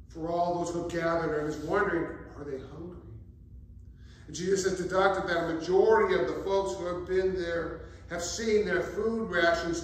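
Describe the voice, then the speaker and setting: A man preaching a sermon as pastor, telling the story in a lively way with humorous asides. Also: high-pitched, a little hiss or hum. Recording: very echoey, distant mic, faint ambience.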